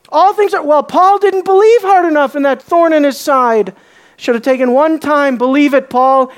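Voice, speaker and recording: Emphatic woman preaching a sermon. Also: high voice. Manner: emphatic, asks the congregation questions, swings between loud and hushed.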